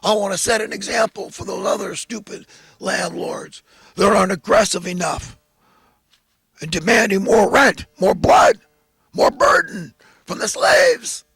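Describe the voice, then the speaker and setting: A man voicing a greedy, insatiable landlord who gloats and shouts his demands. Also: high voice, sing-song, measured pace, vocal fry, breathy edge, dry recording, exaggerated voice. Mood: gloating greedy.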